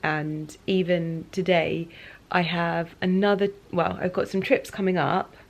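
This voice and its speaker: A woman in her thirties speaks in a casual, reflective vlog from her living room sofa late at night. Her voice sits low with a gravelly fry, and she talks softly and confidingly, leaning on "like" as she thinks aloud. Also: fairly even intonation, unhurried. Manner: soft, confiding, many "like" fillers. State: emotional, near tears. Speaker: lifestyle vlogger.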